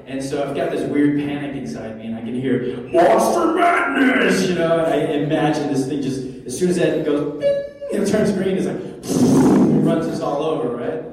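A man's voice: fairly high pitch, normal speed, loud music behind the voice. Man telling a funny story in a hall. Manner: animated, acts out his own panic and quotes. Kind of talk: comic storytelling to an audience. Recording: roomy hall, voice from far off.

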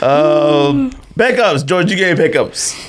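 A man's voice: fairly high pitch, slow. A young man co-hosting a podcast in casual chat, teasing his friends and telling stories with lots of laughter. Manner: laughs a lot, teasing, animated storytelling. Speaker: podcast host.

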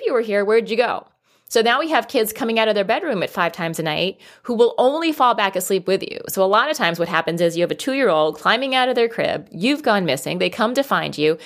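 A woman talks through toddler sleep problems in a casual, animated way. She acts out what parents and kids say, with big jumps in her pitch, and her voice sits in a middle range. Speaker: child sleep consultant. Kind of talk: casual advice talk.

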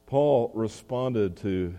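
A man's voice: fairly low pitch, extremely slow, mellow, in a large hall. A man preaching a sermon as pastor, talking in a conversational way with asides and restarts.

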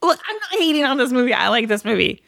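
A woman's voice: high-pitched, big pitch swings, fast talker, gravelly, fairly bright tone, no room sound. A woman co-hosting a casual movie review podcast, dry and teasing. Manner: wry, teasing. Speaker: podcast co-host.

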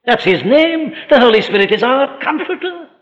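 High-voiced preacher in an echoing hall. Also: male voice, sing-song, fairly bright tone. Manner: emphatic, rhetorical questions, slows for scripture. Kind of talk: sermon. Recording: old lo-fi recording in a reverberant hall.

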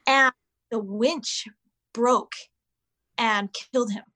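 A woman in her thirties, chatting casually as a podcast guest and telling an animated story. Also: fairly high pitch, slow pace. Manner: animated storyteller, acts out voices of her kids. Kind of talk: casual chat.

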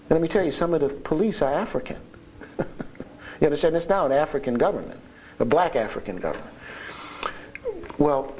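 A man giving a conversational sermon at a conference, earnest and emphatic, swinging between loud and soft. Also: a little high. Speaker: conference speaker on evangelism. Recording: dull lo-fi recording with faint hiss.

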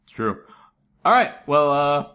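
A man co-hosting a casual science podcast, playful and quick to joke. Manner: playful, with a swooping, very expressive pitch. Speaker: podcast co-host. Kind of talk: casual chat.

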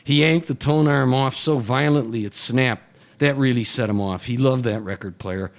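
A man, a writer, reading his own first-person short story aloud in a steady, matter-of-fact way. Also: mid-range voice, normal speed.

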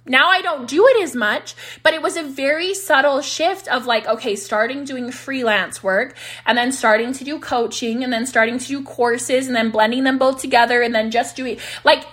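A woman's voice: sits high, normal speed, hardly any pauses, fairly bright tone. A woman in her thirties hosting her own podcast from home, giving candid, casual business advice, laughing easily and often saying "like", her voice starting to wear thin. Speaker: podcast host and business coach.

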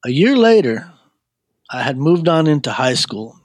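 A man, an interview guest, telling a personal story in a casual, laid-back, animated way. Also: on the high side, measured pace, husky, no echo.

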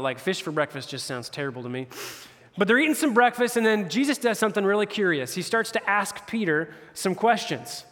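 Guy pastor giving a chill slangy sermon, kinda high voice, echoey church hall. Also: a bit bright. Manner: retells scripture in slang, voicing characters. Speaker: campus pastor. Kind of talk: casual conversational sermon. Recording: hall reverb.

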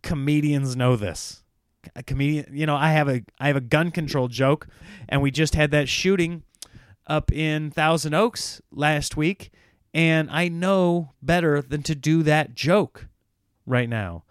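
A man's voice: fairly high pitch, a little slow, clear, resonant tone, no echo, studio quality. An American man, a comedian, ranting casually and sarcastically, often laughing at his own points.

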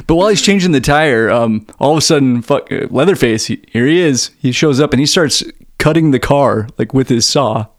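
A man's voice: medium pitch, lively intonation, normal speed, no room sound, studio quality. A man co-hosting a podcast, chatting casually and laughing while recalling a movie and childhood memories. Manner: laid-back, laughs often, tells childhood stories. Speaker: podcast co-host.

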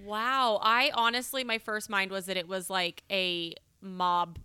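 A woman's voice: mid-range voice, level tone, measured pace, pushed and bright, smooth, no room sound. A young woman co-hosting a podcast, joking around and riffing on silly ideas. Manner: joking, riffs on silly bits. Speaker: podcast co-host. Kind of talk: casual chat.

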